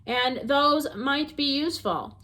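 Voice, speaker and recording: A woman reading a storybook aloud, voicing a friendly, chatty female skunk who talks in a squeaky, eager, folksy way. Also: slow, pushed and bright, full character voice. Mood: hospitable.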